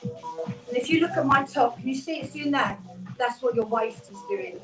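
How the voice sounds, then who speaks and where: A fairly high-pitched woman coaches a workout class with bright, encouraging cues and countdowns. She is recorded from some distance in an echoey room. Faint music plays behind her. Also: very animated, moderate pace. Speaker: fitness instructor. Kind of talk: live workout class instruction.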